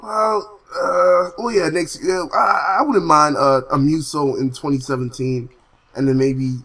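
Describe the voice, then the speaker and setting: A man's voice: on the high side, steady tone, measured pace, a bit bright, low-quality recording. A man co-hosting a casual gaming podcast, talking in a blunt, slangy way. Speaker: podcast co-host.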